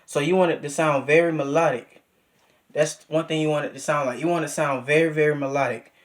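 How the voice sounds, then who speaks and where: Young male music teacher, slightly high voice, casual coaching delivery. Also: steady tone, fast talker. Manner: coaching, repeats key points, counts beats aloud. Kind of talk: casual trumpet lesson.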